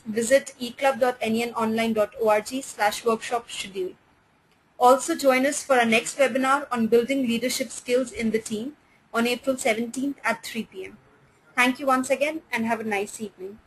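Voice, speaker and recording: A woman's voice: on the high side, a little hiss or hum, rough recording. A woman moderating a webinar, politely reading out formal announcements. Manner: polite, formal, reads out details.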